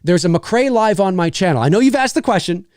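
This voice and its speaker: A man hosting a casual live question-and-answer stream, rambling and animated, full of fillers, restarts and swearing. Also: sits high, brisk, no room sound, studio quality. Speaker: channel host.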